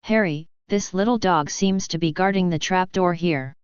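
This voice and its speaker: A cocky young male wizard giving orders to a monster dog with easy confidence, as a woman reads his lines. The voice is low and very clear, recorded dry with a slightly dull top end. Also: normal speed, dry recording, lightly acted. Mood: commanding. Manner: commanding, coaxing.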